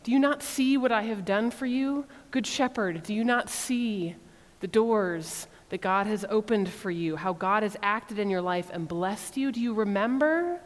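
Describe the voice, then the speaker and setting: A woman's voice: medium pitch, measured pace, hardly any pauses, natural voice. A woman preacher voicing God, who sounds exasperated and hurt as He pleads with His people. Recorded in a reverberant church hall. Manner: exasperated, incredulous, then gently reproachful.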